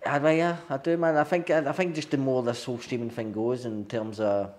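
A Scottish man talks at a brisk clip in a relaxed interview. He sounds keen and agreeable, leaning on "definitely" and "man" as he goes. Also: mid-range voice, slight background noise. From Scotland. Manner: fast, enthusiastic, peppers speech with "man" and "definitely". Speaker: writer-director guest. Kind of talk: casual interview chat.

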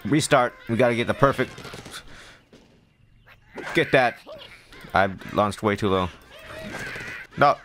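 A man giving excitable let's-play commentary, talking to himself and shouting at the game. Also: mid-range voice, slow, long pauses, a little hiss or hum. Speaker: gamer.

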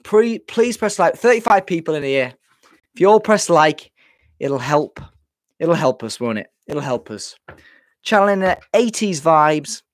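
A man's voice: a little high, expressive, measured pace, no room sound. Man, casual live-stream host, out of breath, self-deprecating, chatty, dry close sound. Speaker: livestream host. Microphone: webcam setup.

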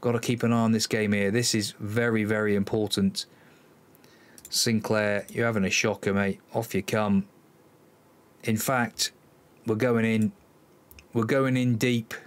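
A man's voice: lowish voice, level tone, measured pace, long pauses. A man hosting a football management let's-play, commenting live on the match, exasperated and sighing, talking to his players. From Cornwall, England.

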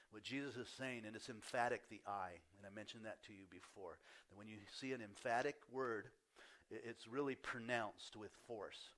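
A man's voice: on the low side, moderate pace, fairly bright tone. Older man, pastor, sermon in church, storytelling, acts out voices.

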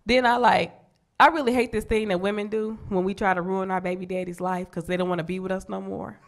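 A young adult woman with a Chicago accent doing a profane stand-up comedy set on a club stage, brash and quick to jump into high squealing voices for the people she quotes. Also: level tone.

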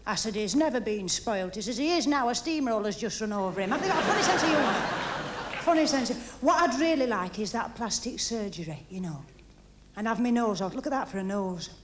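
A woman doing a stand-up routine, gossiping in a chatty way and firing off deadpan one-liners while laughing at her own jokes. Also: medium pitch, brisk, heavy background noise. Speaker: stand-up comedian. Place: TV studio stage before live audience. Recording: archive TV recording with audience laughter.

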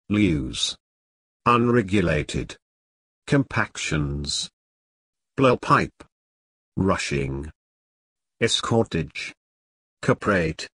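A man reading a long list of single words aloud, each spoken on its own with a pause after it. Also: low voice, fairly bright tone, breathy edge, dry recording, studio quality. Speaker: vocabulary reader.

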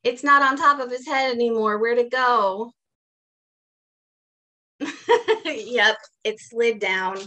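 A woman museum educator, reading a picture book aloud to children in a playful, gentle way. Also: fairly high pitch, fairly even intonation, slow pace, long pauses. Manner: playful, gentle, talks to kids.

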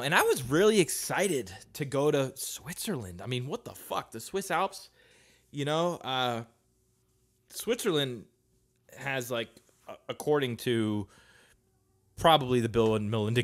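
Slow-talking, crude man ranting. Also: mid-range voice. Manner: crude, profane and rambling, with sudden loud outbursts. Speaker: podcast host. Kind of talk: casual solo podcast rant.

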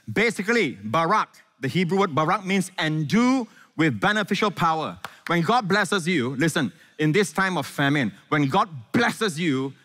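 A man's voice: fairly high pitch, a bit bright. Man preaching in an echoey hall. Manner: engaging, quizzes the congregation with quick questions. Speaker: pastor. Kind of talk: sermon. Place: large church hall before a congregation.

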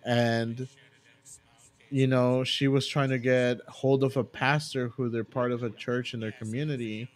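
Man, streamer, casual storytelling, rambling, self-correcting, filler words, mid pitch. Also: fairly even intonation, measured pace. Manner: rambling, self-correcting with many "you know" and "like". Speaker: streamer hosting a live game stream.

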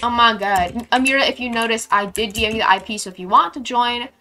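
A young woman streaming a game, chatting casually and reading her chat aloud with sudden excited squeals. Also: a little high, fast talker.

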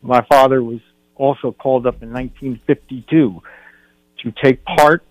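A man's voice: mid-range voice, fairly even intonation, moderate pace, no room sound. An older man, a film director guest on a radio show, telling a personal story in an earnest way, often restarting his sentences. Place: radio studio. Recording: dull radio broadcast.

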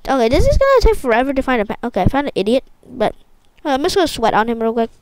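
A young woman commentating her own gameplay, excitable and repetitive, often exclaiming. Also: high voice, rapid-fire, dry recording, poor audio. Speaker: gaming YouTuber.

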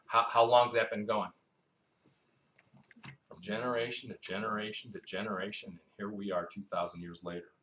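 A man preaching a Bible-teaching sermon in a roomy hall, his voice carrying with a clear echo. He talks conversationally, throws questions at the listeners and often answers them himself, drifting into stories and asides. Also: fairly low pitch, fairly even intonation, moderate pace, pauses often, a bit bright. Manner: quizzes the congregation, asks and answers its own questions.

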